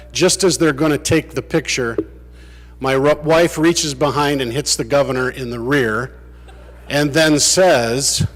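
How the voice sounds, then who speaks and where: Man giving a wry farewell speech. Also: a little high. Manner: dry, humorous storytelling. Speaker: state legislator. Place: large legislative chamber. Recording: long reverb of a big chamber.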